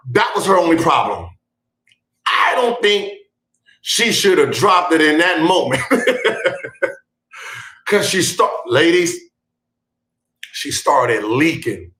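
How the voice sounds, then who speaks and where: A man hosting a podcast, telling a comic story with bursts of laughter, shouted punchlines and mouthed sound effects. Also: high-pitched, roomy sound. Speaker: podcast host. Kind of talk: comedic storytelling.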